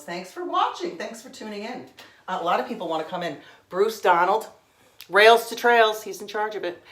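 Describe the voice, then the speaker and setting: A woman in her forties from Connecticut, USA, speaks in a lowish voice from far off the mic in an echoey room. An art instructor, she leads a painting tutorial in a chatty, rambling style full of asides, often checking in with "okay?".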